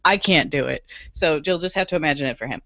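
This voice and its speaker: A woman's voice: low voice, fast, bright, forceful tone, no room sound, highs cut off. A woman co-hosting a podcast in casual chat, emphatic and repetitive, laughing often. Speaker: podcast co-host.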